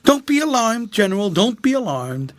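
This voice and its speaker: A man's voice: high-pitched, very animated, moderate pace, a bit bright, no echo, exaggerated voice. A short, stout estate factor who talks in a soothing, reassuring way, his voice set a little above the narration, as a man takes him on. It is a close, dry audiobook reading.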